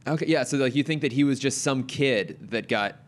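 A man's voice: mid-range voice, fairly quick. A man chatting casually as a podcast co-host, rambling with lots of fillers and laughing often. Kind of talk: casual chat about a cartoon episode.

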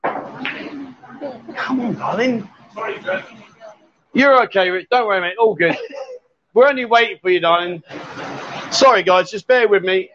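Jokey, loud man hosting. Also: sits high, moderate pace, pauses often, lo-fi sound, noisy background. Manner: loud, jokey, coaxing and chatty. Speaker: host. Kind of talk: casual live-stream chat in a bar.

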